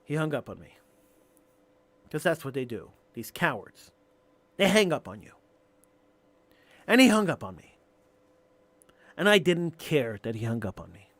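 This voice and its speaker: A male radio talk show host delivering an impassioned, emphatic monologue, building to near-shouting on key points. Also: fairly high pitch, very animated, unhurried, long pauses, dry recording.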